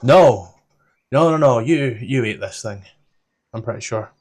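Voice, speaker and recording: A man's voice: medium pitch, measured pace. A man with a Scottish accent running a tabletop game, rambling casually as he looks things up. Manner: relaxed, rambling, flipping through notes aloud. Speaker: game master.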